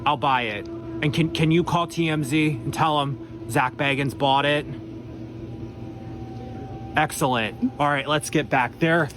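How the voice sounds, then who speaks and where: Man doing a pompous ghost-hunter TV host, slightly raised pitch, portentous delivery, noisy phone clip with background hum. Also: a little slow, long pauses, lightly acted. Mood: brisk. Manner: dramatic, portentous narration with cheesy asides. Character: self-serious male paranormal TV host.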